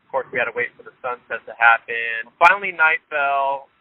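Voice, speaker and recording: A man's voice: mid-range voice, a little fast, no room sound. A man telling a story in casual chat, laughing often and acting out the people he quotes. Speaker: interview guest. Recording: tinny phone line.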